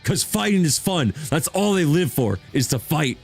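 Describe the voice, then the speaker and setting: A man's voice: a little high, very animated, normal speed, creaky, soft background music. A man streaming as a VTuber in a casual chat, talking with rambling enthusiasm and frequent restarts.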